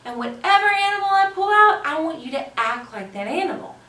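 Animated, high-voiced storytime reader. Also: female voice, fairly quick. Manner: animated, sing-song, encouraging. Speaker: children's librarian storytime host. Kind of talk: reading picture books aloud to children. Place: library room. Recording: roomy, voice from a distance.

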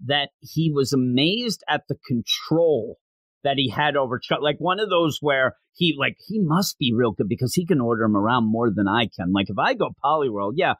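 A man co-hosting a podcast, chatting casually and excitedly as he reviews a manga chapter and acts out lines from it. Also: medium pitch, moderate pace, breathy edge, no room sound. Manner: animated, excitable storyteller acting out quotes. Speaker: podcast co-host.

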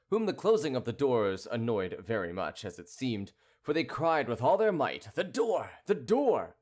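A man narrating a classic novel as an audiobook, with an expressive, clear reading. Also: medium pitch. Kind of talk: scripted narration.

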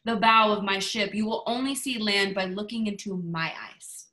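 A self-assured explorer, read by a woman over an echoey video call, declaiming his convictions with preachy certainty. The voice is bright and forceful. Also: high voice, steady tone, moderate pace. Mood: earnest. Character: bold self-assured male explorer, Columbus.

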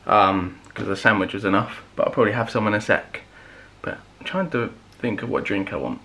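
A man's voice: lowish voice, fairly quick, bright, forceful tone. A young man chatting casually to camera for a vlog, rambling with plenty of fillers and restarts. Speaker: vlogger.

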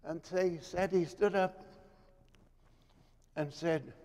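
A man preaching a sermon in a church, dramatic, moving from loud pleading to hushed, quiet lows. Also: slow pace. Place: church sanctuary. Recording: long reverb of a church hall.

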